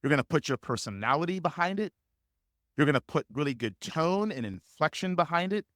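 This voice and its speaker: A man's voice: on the high side, animated, brisk, a bit bright, dry recording, clean studio sound. A man teaching sales as a coach in a live webinar, speaking emphatically and repeating key phrases to drive points home.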